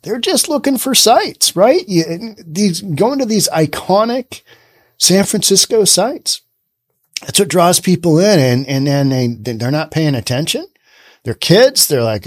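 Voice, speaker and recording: A man's voice: high voice, very animated, a little slow, dry recording, clean studio sound. A man hosting a podcast, commenting sarcastically on news stories he reads aloud, often repeating himself. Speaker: podcast host.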